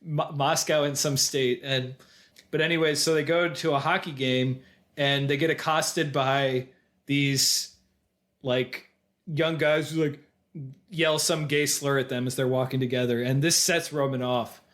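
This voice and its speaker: A man co-hosting a film podcast, retelling scenes in an animated way and slipping into quoted voices. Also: medium pitch, unhurried. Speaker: podcast co-host. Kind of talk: casual film discussion.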